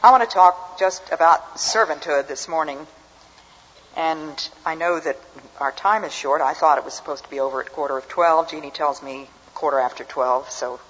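An older woman with a deep, slightly rough voice gives a talk to an audience at a moderate pace, telling stories with dry humor. The recording is muffled and made in a hall with long reverb.

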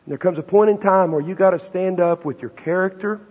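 A man preaches from the pulpit in a high, slightly raspy voice, leaning into rhetorical questions and emphatic punches. The recording is muffled and lo-fi. A long reverb trails off every phrase in the large church. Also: brisk. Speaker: pastor. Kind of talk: sermon. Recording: dull, reverberant hall recording.

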